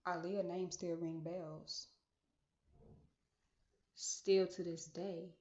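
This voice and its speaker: A woman's voice: on the low side, little pitch movement, extremely slow, a little mellow. A woman hosting a casual solo podcast monologue, musing aloud and repeating phrases for emphasis. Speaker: podcast host. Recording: echoey room, dull lo-fi sound.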